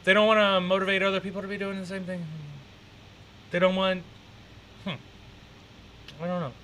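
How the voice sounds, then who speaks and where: A man hosting a stream, reacting to clips in a rambling, profane, excitable way. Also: high-pitched, moderate pace, a little hiss or hum. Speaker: streamer host. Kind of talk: casual reaction commentary.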